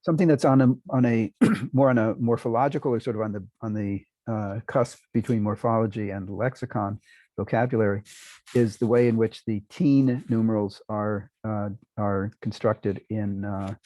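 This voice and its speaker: An older man lecturing on linguistics to a university class, pausing often with many fillers and restarts and now and then clearing his throat. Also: fairly low pitch, mellow, no room sound, rough recording. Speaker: linguistics professor.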